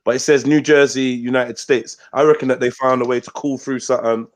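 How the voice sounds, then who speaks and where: Joking host. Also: male voice, mid-range voice, steady tone, fairly quick. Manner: joking, repeats words, London slang. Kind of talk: casual live show chat.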